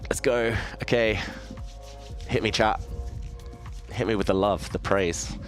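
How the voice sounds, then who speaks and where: Deep-voiced man, thinking aloud. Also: slow pace, soft background music. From southeast England. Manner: thinks aloud, self-deprecating, chatty with viewers. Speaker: chess player and streamer. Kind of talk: casual live-stream commentary while playing.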